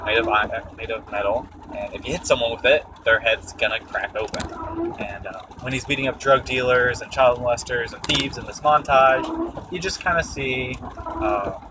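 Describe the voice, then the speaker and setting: A young man rambles through a film plot while driving, stumbling over filler words. His voice sits at an ordinary middle pitch. He sounds a little distant from the mic, with loud engine and road noise underneath. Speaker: vlogger. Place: inside a moving car. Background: vehicle engine and road noise.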